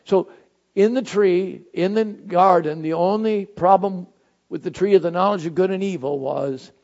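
A male pastor preaching a sermon, swinging from loud, high shouted phrases to soft, low, intimate ones. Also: normal speed, lo-fi sound.

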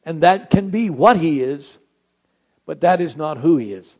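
A man preaching a sermon with a fairly high voice, his delivery rising to ringing shouts and then dropping to near-quiet reflection. The recording is dull and muffled. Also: animated, unhurried. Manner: dynamic preaching, swings from shouted highs to soft low phrases. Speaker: pastor.

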